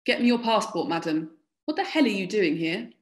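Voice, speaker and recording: A young English soldier, all terse, clipped commands, as a woman reads him aloud. His orders come at a middling pitch, short and blunt. The manner is commanding and curt throughout. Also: sing-song, a little fast, echoey room, lightly acted. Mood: brusque.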